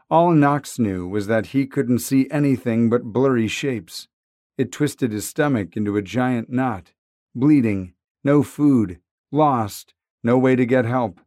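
A man's voice: medium pitch, darkish tone, dry recording, clean studio sound. A man narrating a novel in a wry, conversational tone. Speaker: audiobook narrator. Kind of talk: scripted narration.

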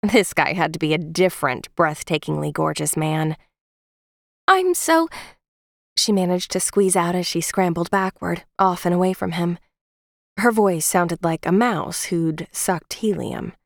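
A woman's voice: on the low side, steady tone, moderate pace, creaky, no echo, clean studio sound. A woman reading a romance novel aloud as an audiobook narrator, telling the story expressively. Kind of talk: scripted narration.

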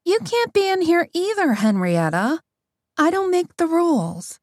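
A woman voicing a gentle, whimsical young woman who loves her chickens and bees, speaking in an airy, innocent way. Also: very high-pitched, sing-song, a little slow, dry recording, studio quality, pitched above the performer's own voice, heavily acted. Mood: playful.

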